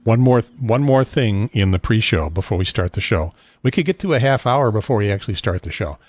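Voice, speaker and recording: A man hosting a casual podcast chat who talks haltingly and often restarts. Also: on the low side, lively intonation, darkish tone, no echo. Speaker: podcast host.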